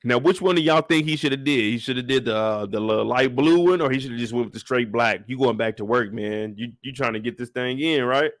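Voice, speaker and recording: A man's voice: medium pitch, fairly quick, hardly any pauses. A young man casually recapping a TV episode in laid-back, slangy talk, laughing easily. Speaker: show recap YouTuber.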